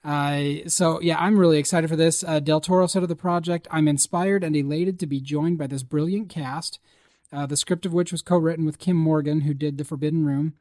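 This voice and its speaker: A talkative man co-hosting a movie podcast, his voice sitting a bit high for a man. He rambles through the news with plenty of "uh"s, and the recording is close and dry with no room sound. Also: steady tone, fairly quick, a little mellow, no room sound. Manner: chatty, reads out news items with fillers. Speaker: podcast co-host. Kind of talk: casual chat about movie news.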